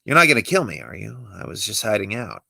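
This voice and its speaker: A man's voice: on the low side, sing-song, quick pace, gravelly, sharp tone, husky, no echo, heavily acted. Catman, a man reading a wary cat stowaway. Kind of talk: amateur script read-through.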